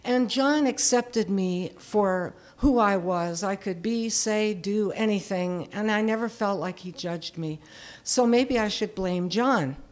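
A woman's voice: medium pitch, slow, darkish tone. A woman in her seventies telling a personal story in a candid, self-deprecating way, often chuckling. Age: 70s.

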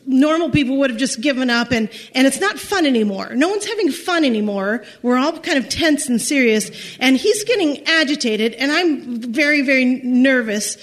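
A woman with a high voice tells a story from her own life. She talks haltingly, often repeating small words, and laughs lightly as she goes. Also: lively intonation. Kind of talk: personal storytelling.

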